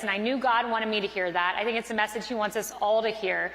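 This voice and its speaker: Woman in her 30s telling a story on stage, kinda high voice, big echoey hall. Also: brisk, few pauses, fairly bright tone. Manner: earnest storytelling with quoted dialogue. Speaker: conference speaker. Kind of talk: motivational speech telling a personal story. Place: large conference hall. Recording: echoey hall with long reverb.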